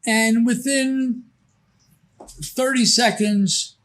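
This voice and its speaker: High-voiced older man telling a slow story. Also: fairly even intonation, a bit bright. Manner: rambling, many false starts. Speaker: podcast guest. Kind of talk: casual anecdote.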